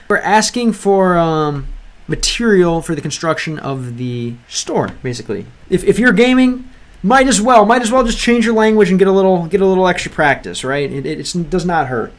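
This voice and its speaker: A man's voice: high voice, moderate pace. A man giving casual commentary while playing a game, chatty and full of restarts, reading lines aloud and translating them. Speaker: language-learning gaming creator.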